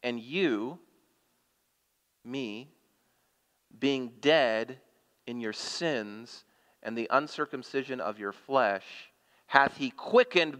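This man preaches slowly, pausing often, in a medium-pitched and slightly bright voice. As a pastor, he reads scripture with rising emphasis and puts questions to his congregation, all heard through the long reverb of a church hall.

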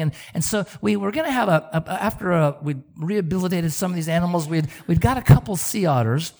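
A male pastor preaching a sermon, telling stories with an animated manner and often repeating words. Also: high-pitched, fairly quick, vocal fry, few pauses.

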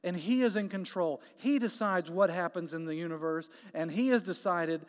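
Preacher, male, high-pitched, emphatic and repetitive, long hall reverb. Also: moderate pace, hardly any pauses. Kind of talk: sermon.

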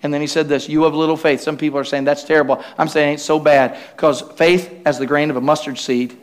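A male pastor preaching a lively sermon, calling out to the congregation and acting out the voices of the disciples. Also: on the high side, fast talker, faint music behind. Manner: preachy, call-and-response, acts out voices of the disciples.

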